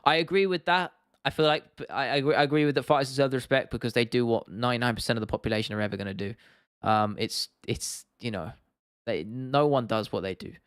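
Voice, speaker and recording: A man's voice: mid-range voice, fast talker, fairly bright tone, clean tone, no room sound. Young english guy on a home livestream, rambly, laughs a lot, dry mic. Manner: rambling, restarts often, laughs easily. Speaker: livestream host. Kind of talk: casual livestream chat, reading out comments.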